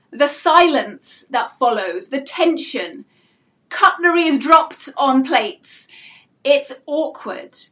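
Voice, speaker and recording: A woman with a high voice gives an earnest live-streamed talk to homeschooling parents. She asks her listeners many rhetorical questions. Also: a bit bright. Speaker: homeschooling mentor.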